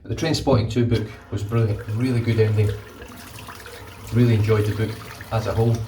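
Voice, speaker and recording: A man's voice: lowish voice, flat delivery, brisk, noisy background. A man vlogging in a rambling, casual way, swearing now and then, while he shaves in a bathroom. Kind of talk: casual chat. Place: bathroom with running water. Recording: echoey bathroom, mic at a distance. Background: running tap water.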